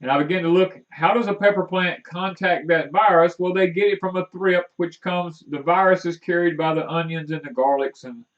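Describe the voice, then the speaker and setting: Co-hosting a homestead livestream, a man chats casually about gardening in a folksy, rambling way, stumbling over fillers at normal speed with few pauses. His voice sits a little high for a man, and he is picked up from a distance, so the sound is dull and muffled.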